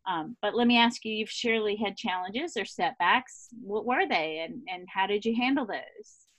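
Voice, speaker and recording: A woman's voice: mid-range voice, moderate pace, dry recording. A woman hosting a podcast, asking questions and affirming her guest's answers. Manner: warm, affirming questioner with fillers. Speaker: podcast host. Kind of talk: conversational interview.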